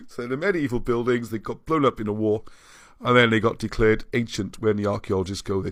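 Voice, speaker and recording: A man's voice: lowish voice, moderate pace, pauses often, a bit bright, no echo. A man hosting a livestream and reading out viewer comments, rambling and often restarting his sentences. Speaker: livestream host.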